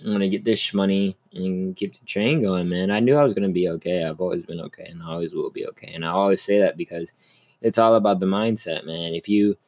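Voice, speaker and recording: Deep-voiced young man rambling casually. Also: darkish tone. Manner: rambling, swears a lot, upbeat. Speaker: podcast host. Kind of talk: casual solo podcast chat.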